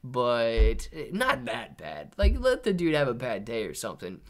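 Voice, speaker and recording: Young male livestream host, laid-back, slangy, runs through chat shout-outs. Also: mid-range voice, wildly swooping pitch, normal speed. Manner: casual, reads chat names and shout-outs, says man and dude a lot. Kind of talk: live market stream chat.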